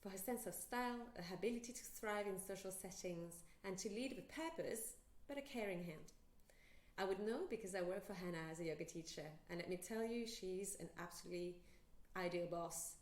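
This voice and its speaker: A woman's voice: medium pitch, fairly quick, a little mellow. A woman with a French and South African accent, hosting a podcast and reading a chatty introduction. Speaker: podcast host and yoga teacher. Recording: roomy echo.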